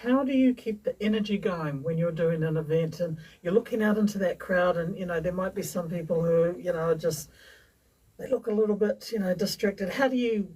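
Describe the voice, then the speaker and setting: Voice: medium pitch, a little fast, mellow, husky, far from the mic, low-quality recording. Radio host asking friendly questions. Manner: brief encouraging interjections and questions. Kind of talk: casual radio interview. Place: radio studio.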